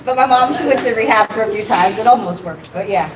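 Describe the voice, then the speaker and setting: On a comedy club stage, a female stand-up comic with a mid-range voice talks quickly through a self-deprecating set, swearing and laughing at her own jokes. She's captured from far off in an echoey room, with a loud crowd making it noisy.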